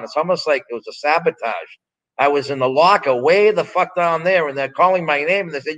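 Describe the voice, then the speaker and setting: A man's voice: a little high, lively intonation, normal speed, fairly bright tone, poor audio. A man in his sixties, a former strongman and wrestler, telling blunt, profane, rambling stories in a casual interview. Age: 60s.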